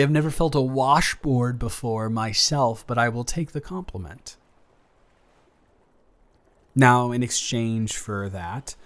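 A man playing an earnest, halting young guy. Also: fairly low pitch, fairly bright tone. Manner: halting, hesitant, frequent restarts. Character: earnest young man, best friend's older brother. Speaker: audio roleplay performer. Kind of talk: improvised romantic audio roleplay.

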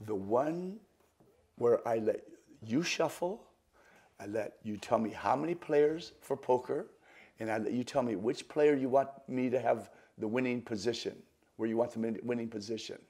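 Gravelly older man telling a story. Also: medium pitch, moderate pace. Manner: lively, repeats words, counts out cards. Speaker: magician, interview guest. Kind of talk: storytelling and card demonstration.

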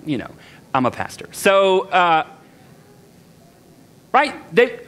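A man's voice: a little high, a bit bright. A man preaching a sermon as a pastor, conversational and self-deprecating, acting out the voices of the people in the text.

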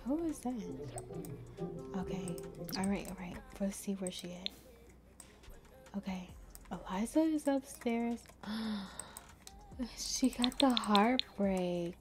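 Young woman lets play host, mid pitch, unhurried, whispers then yells at the game, slangy. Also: music in the background. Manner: swings from hushed whispers to loud excited exclamations; talks straight to viewers, slangy and chatty. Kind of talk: casual gameplay commentary.

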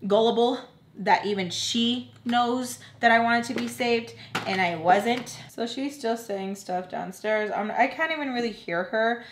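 A woman vlogger telling a personal storytime in a casual, animated way, acting out both sides of old arguments and saying "y'all" to her viewers. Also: a little high, a little slow, slight background noise. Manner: animated retelling, trades quoted lines, says "y'all". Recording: roomy echo.

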